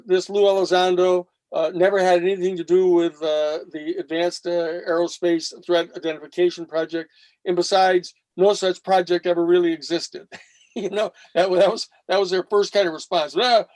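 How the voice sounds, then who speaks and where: A man's voice: high-pitched, no echo. A man guest on a panel show, telling long stories and acting out quoted speech with blunt, salty language. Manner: animated, acts out quoted speech with profanity. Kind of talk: storytelling in a panel discussion.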